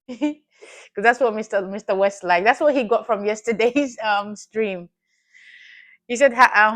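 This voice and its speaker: Woman, stream host, casual chatty delivery, teasing and quick to laugh. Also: medium pitch, fairly bright tone. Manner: laughs often, playful and teasing with chat. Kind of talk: casual live-stream chat.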